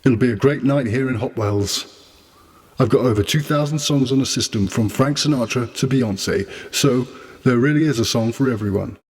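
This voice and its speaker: A man in his forties voicing a weary karaoke host who rattles off rehearsed, brisk patter. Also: medium pitch, close to an everyday voice. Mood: showman patter. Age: 40s. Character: weary middle-aged male karaoke host.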